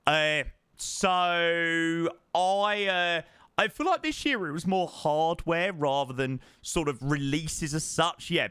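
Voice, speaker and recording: A man's voice: medium pitch, bright, forceful tone, dry recording. A man chatting casually on a live stream, thanking subscribers one by one and swearing now and then. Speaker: flight sim streamer.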